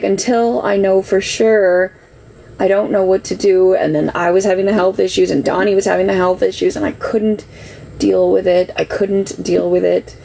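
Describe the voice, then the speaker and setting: A woman's voice: medium pitch, gravelly, warm tone, slight background noise, poor audio. A woman on a live stream explaining herself in an emotional, defensive, rambling way, full of "like" fillers. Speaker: livestreamer telling her side. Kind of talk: casual live-stream monologue.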